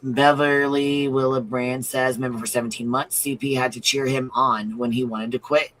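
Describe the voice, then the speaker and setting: A man's voice: mid-range voice, flat delivery, moderate pace, fairly bright tone, rough recording. Blunt, profane male stream commentator. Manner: blunt, profane and emphatic, repeating phrases. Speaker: livestream commentator. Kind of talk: livestream commentary reading viewer comments.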